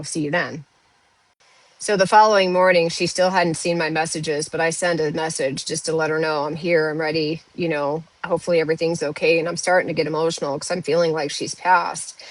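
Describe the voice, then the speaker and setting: A woman's voice: sits low, no echo, rough recording. A woman who works as an intuitive health medium, telling a personal story casually to her viewers with lots of "like" and "you know". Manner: chatty, uses "like" and "you know" fillers.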